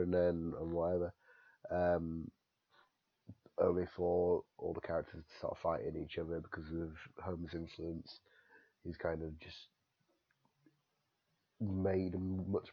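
A man with a low voice recaps a cartoon episode, slipping into little voices for the characters. The recording is dry and slightly dull, as if from a modest home mic. The delivery is loose and chatty. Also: no room sound. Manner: retells scenes, acting out quotes. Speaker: podcast co-host. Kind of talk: casual episode review chat.

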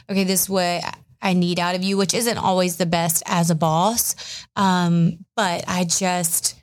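A woman co-hosting a podcast, chatting casually with many fillers and a self-deprecating tone. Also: lowish voice. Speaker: podcast co-host.

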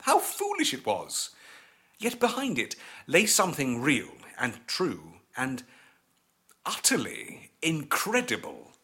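A man narrating an eerie story as an audiobook, with measured and expressive storytelling. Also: medium pitch, soft background music.

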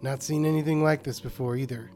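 A man's voice: mid-range voice, fairly even intonation, quick pace, a little mellow, soft background music, close to an everyday voice. A man voicing a weary old country sheriff. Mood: grim. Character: weary male rural sheriff in his sixties.

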